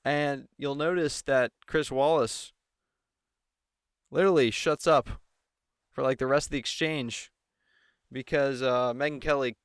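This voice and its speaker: A political commentator delivers sarcastic commentary on a televised debate, mocking the anchors and mimicking them in exaggerated voices. His medium-pitched, resonant voice stays steady and clear, unhurried with long pauses. The sound is clean studio audio without echo.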